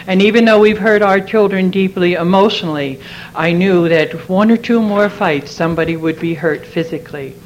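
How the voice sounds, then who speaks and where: A woman's voice: fairly low pitch, slight background noise, rough recording. A middle-aged woman giving a heartfelt personal testimony at a recovery meeting. She tells her story earnestly and repeats phrases as she goes.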